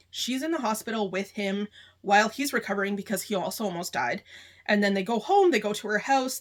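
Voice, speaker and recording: A woman's voice: mid-range voice, fairly bright tone. A woman giving a casual, rambling book review, chatty and full of filler words. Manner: chatty, rambling, heavy use of "like".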